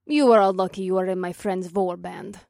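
A man doing a stern, high redheaded warrior woman. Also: steady tone, fairly quick, gravelly, a little mellow, dry recording, studio quality. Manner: cool, commanding, clipped. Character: stern redheaded woman war band leader, confident. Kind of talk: audiobook character voice.

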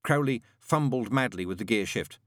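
A man narrating an audiobook in a dry, measured storytelling manner. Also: mid-range voice, expressive, no echo.

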